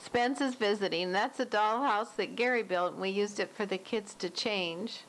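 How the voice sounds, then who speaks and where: A woman's voice: mid-range voice, normal speed, fairly bright tone, slight background noise, low-quality recording. An older woman casually narrating old family home movies, recalling details in a chatty way. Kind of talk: casual reminiscing.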